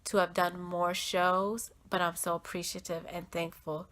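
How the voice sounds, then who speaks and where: A woman's voice: lowish voice, flat delivery, unhurried, a bit bright. A young American woman hosting her own podcast, telling a heartfelt personal story in a rambling, earnest way full of "like" and "um". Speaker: podcast host.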